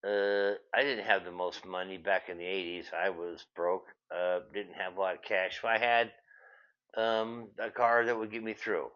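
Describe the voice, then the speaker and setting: A man's voice: deep voice, little pitch movement, moderate pace, fairly bright tone. An older man hosting a show, ranting in a profane comedic style, repeating himself and drifting off on tangents. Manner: swears constantly, repeats words, trails into tangents. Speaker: show host. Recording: dull lo-fi sound.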